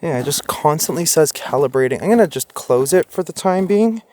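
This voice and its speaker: A man talks to his viewers as he walks through a wet forest at night, filming himself with a handheld camera. His voice sits a bit high, and he sounds jumpy and unsure of what he is hearing. A faint hiss stays behind him outdoors. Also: animated, brisk, mellow. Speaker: paranormal explorer vlogger. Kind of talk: handheld exploration vlog. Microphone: handheld camera or phone.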